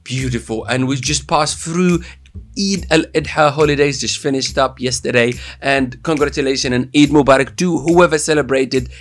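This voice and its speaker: A man hosting a daily podcast from a studio, talking in an energetic, playful, hype-style way. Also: medium pitch, normal speed, no room sound, faint music behind. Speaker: podcast host. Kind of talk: casual podcast chat. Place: studio with cameras.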